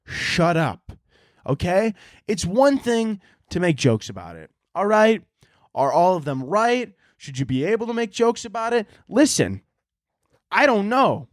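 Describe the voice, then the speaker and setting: A man's voice: sits high, unhurried, no room sound, clean studio sound. A young man hosting a solo comedy podcast, ranting with lots of swearing. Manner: profane, animated ranting with mocking impressions. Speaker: podcast host.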